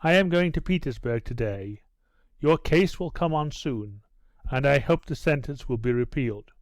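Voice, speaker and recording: A male audiobook narrator voicing an earnest, resolute nobleman who speaks in measured sentences. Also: medium pitch, expressive, no room sound, close to an everyday voice.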